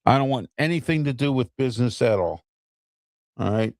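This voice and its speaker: A man's voice: mid-range voice, lively intonation, normal speed, a little mellow, no room sound, clean studio sound. A middle-aged man hosting an opinion show, ranting bluntly and with exasperation straight to his viewers.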